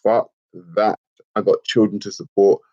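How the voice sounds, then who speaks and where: A man's voice: lowish voice, moderate pace, lo-fi sound. A man with children, talking bluntly and profanely on a casual livestream, answering chat comments. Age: adult with children. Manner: blunt, profane, animated, laughs often.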